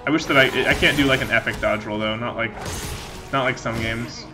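A man's voice: mid-range voice, steady tone, fairly quick, over music. A man giving loose, joking let's play commentary while he plays, often losing his train of thought. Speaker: gaming channel host.

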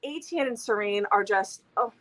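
A woman's voice: mid-range voice, expressive, moderate pace, a bit bright. A woman in her thirties, co-host of a book channel, chatting casually and enthusiastically about books. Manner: enthusiastic, talkative, laughs often.

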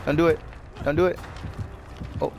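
A man's voice: fairly high pitch, fairly even intonation, moderate pace, vocal fry, a little hiss or hum. A young man giving casual, exasperated commentary over a game he is playing, swearing often and talking to himself and the game. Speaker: gameplay streamer.

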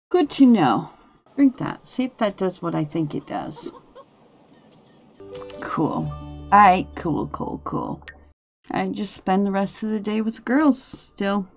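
With faint game music behind her, a female gameplay video host talks through her choices aloud in a relaxed, casual way while she plays. Her voice is medium-pitched, and the recording is muffled.

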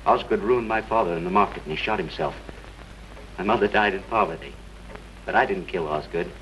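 An actor playing a vengeful man unmasked as the killer, speaking calmly and coldly in a 1930s film. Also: deep voice. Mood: bitter. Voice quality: calm and measured, breaking into mocking laughter. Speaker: villain. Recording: dull, hissy 1930s film soundtrack.

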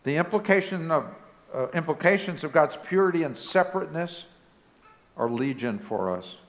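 A man preaching a sermon as pastor of a church. He speaks emphatically and rises now and then to loud exclamations. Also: fairly high pitch, lively intonation, moderate pace. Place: church sanctuary.

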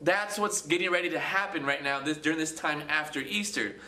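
A man hosting a Christian video channel, preaching casually to the camera in an animated way, acting out quoted voices and often repeating words. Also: on the high side, fairly quick, roomy sound.

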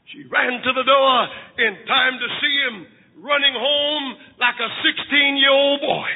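A pastor preaching a dramatic sermon to a large auditorium, retelling a story with shouting, crying and sudden hushed passages. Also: male voice, very high voice, measured pace. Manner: shouting, crying delivery with big swings from hushed to loud. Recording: tinny lo-fi recording in a reverberant hall.

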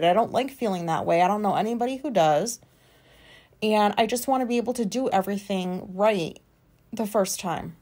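A woman's voice: medium pitch, a little mellow. A woman in her thirties hosting a rambling solo podcast from her recliner at home, talking casually and frankly, with lots of fillers and free swearing. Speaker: podcast host.

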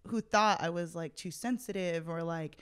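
A young woman hosts a relaxed podcast conversation with a friend. She talks openly, laughs often and slips into little quoted voices of her own past thoughts. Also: lowish voice, moderate pace, clean tone. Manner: chatty, laughs often, quotes herself in asides. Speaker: podcast host. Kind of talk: casual chat.

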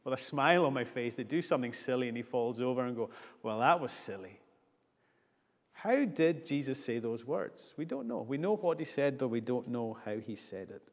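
A man's voice: mid-range voice, lively intonation, brisk, hardly any pauses. A man preaching a sermon earnestly, building his points with repeated phrases. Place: church. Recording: long church reverb.

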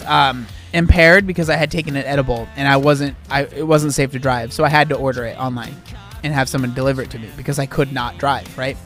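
A man hosting a casual vlog, ranting in an exasperated, animated way and tossing in "dude" and "bro". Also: on the high side. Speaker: food vlogger host.

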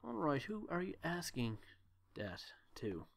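A man's voice: fairly high pitch, sing-song, measured pace, gravelly. A man giving joking, rambling commentary while playing a horror game, talking to himself. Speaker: let's play gamer. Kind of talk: gameplay commentary.

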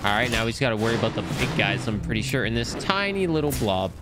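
A young man chatting casually while streaming a game, telling stories with big rises in his voice when excited. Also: fast, loud music behind the voice. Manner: animated storytelling, swings high when excited. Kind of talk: casual gameplay commentary.

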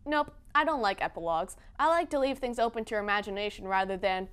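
A young woman hosting a comedy video, reading tweets aloud in quick playful voices with a sassy, dramatic delivery. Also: medium pitch, a bit bright, clear, resonant tone. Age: young adult. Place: Boston.

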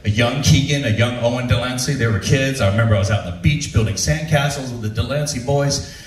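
A man telling a comic story to a live audience, animated and self-deprecating, laughing as he goes. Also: mid-range voice, quick pace, roomy sound, recorded from a distance. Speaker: stand-up storyteller, show host. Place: shipboard show venue.

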